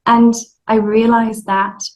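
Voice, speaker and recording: A woman in her thirties, a guest on an interview show, telling her story in a lively way and acting out what others said. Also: fairly high pitch, takes it slowly, lo-fi sound. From Wales. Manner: animated storyteller acting out quotes. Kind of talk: casual interview.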